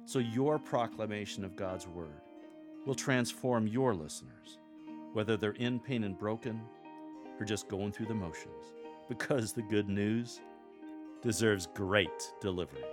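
Low-voiced man coaching scripture readers. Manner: deliberate, emphatic coaching with light humor. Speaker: lector coach, host. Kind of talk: instructional podcast on scripture reading.

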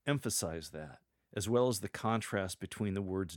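A man with a fairly low voice gives scripted, measured coaching to church lectors. He reads sample lines aloud to show the delivery he means. The recording is close and dry, with no room sound. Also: animated, dry recording. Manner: measured, demonstrates readings aloud. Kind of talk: scripted teaching narration.

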